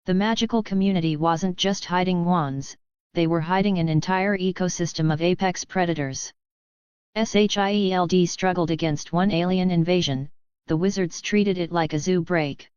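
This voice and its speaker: Woman reading an audiobook, smooth low voice, dry and kinda muffled. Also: moderate pace, dry recording. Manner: steady storytelling. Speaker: audiobook narrator. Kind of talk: scripted narration. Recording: muffled lo-fi recording.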